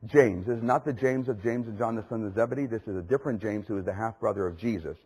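A man's voice: fairly low pitch, fast, a little mellow, breathy edge, low-quality recording. A man preaching a sermon with impassioned, emphatic repetition.

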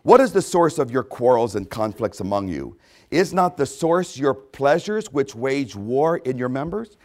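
Emphatic preacher man, lively pitch. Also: normal speed. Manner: emphatic preaching with repetitions and quoted voices. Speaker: pastor. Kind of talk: sermon.

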